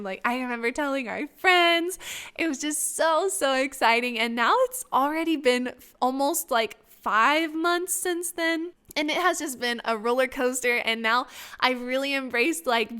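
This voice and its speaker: A woman's voice: sits high, bright, forceful tone, clear, resonant tone. A young woman hosting a podcast, telling a personal story in a chatty, emotional way with lots of filler words. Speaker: podcast host. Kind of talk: casual storytelling.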